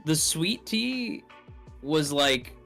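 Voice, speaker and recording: Man, guest. Giggly, animated delivery, pitch all over the place. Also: drawn-out words, creaky, faint music behind. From Canada. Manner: giggly, animated, laughs often. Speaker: guest streamer. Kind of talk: casual chat.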